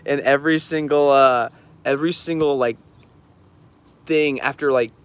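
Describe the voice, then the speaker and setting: Guy rambling thru stories on his art stream, lots of likes and ums, mid pitch. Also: fairly even intonation, normal speed, clean tone. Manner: rambling, many fillers, laughs often. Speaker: artist streaming an auction. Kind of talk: casual livestream storytelling.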